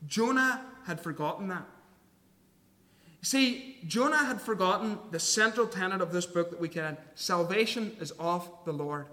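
A man's voice: high voice, lively intonation, measured pace, sharp tone, big-room sound. A man preaching a sermon, earnest and emphatic, reading scripture aloud and explaining it.

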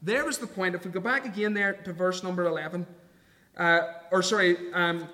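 A man's voice: high voice, fairly even intonation, normal speed, bright, forceful tone, in a large hall. A man preaching a sermon, earnest and emphatic, reading scripture aloud and explaining it.

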